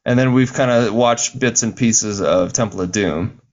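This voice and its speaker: A man's voice: lowish voice, normal speed, highs cut off. A man co-hosting a podcast, chatting casually about films in a playful, teasing, enthusiastic way. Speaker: podcast co-host. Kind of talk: casual film chat.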